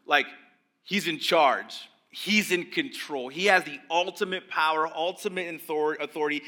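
Bright, lively young preacher. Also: male voice, fairly high pitch. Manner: conversational, animated, acts out voices of religious leaders. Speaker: pastor. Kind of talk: sermon.

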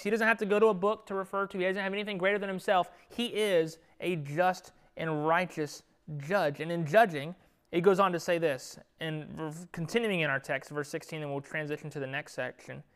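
A man's voice: high voice, normal speed, clear, resonant tone. A young man leading a Bible study in a room with a group, talking in a loose, conversational way and sometimes dropping to a whisper. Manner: conversational, lively, drops to a whisper at times. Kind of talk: casual Bible teaching. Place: classroom with a group.

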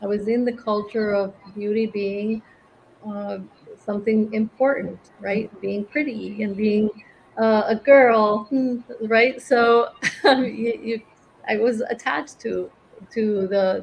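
A woman's voice: medium pitch, steady tone, takes it slowly, gravelly, a little hiss or hum, rough recording. Reflective woman from Venezuela. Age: middle-aged. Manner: reflective, gentle, laughs often. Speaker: guest, cancer survivor and author. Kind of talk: interview conversation.

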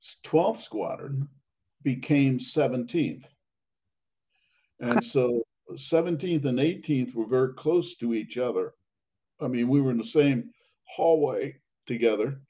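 An older man reminiscing about his academy days, halting with many fillers and restarts, his voice going hoarse and his throat needing clearing. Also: medium pitch, dark tone, poor audio. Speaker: interviewee, academy alumnus. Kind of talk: reminiscing conversation.

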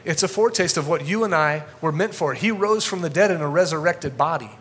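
A male pastor preaching a sermon to a congregation in a church, energetic and conversational, getting fired up as he talks. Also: on the high side, a little fast.

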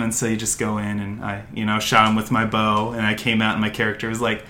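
A man's voice: on the low side, level tone, fairly quick, few pauses, bright, forceful tone. A young American man co-hosting a podcast, chatting casually and rambling with lots of fillers and restarts. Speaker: podcast co-host. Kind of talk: casual chat.

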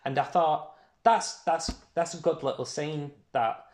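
A man's voice: a little high, unhurried, echoey room. A man co-hosting a podcast, chatting casually about a film, swearing and acting out lines. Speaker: podcast co-host.

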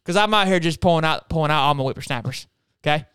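A man's voice: on the high side, fast talker, fairly bright tone, clear, resonant tone, no room sound, clean studio sound. A man hosting a casual sports talk show, fired up and emphatic, tacking "okay?" onto his points. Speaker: podcast host.

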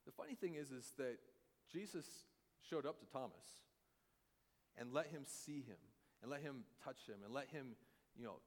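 A man preaching a sermon as a pastor, animated and acting out the voices of the people he quotes. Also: medium pitch, moderate pace. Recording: long hall reverb.

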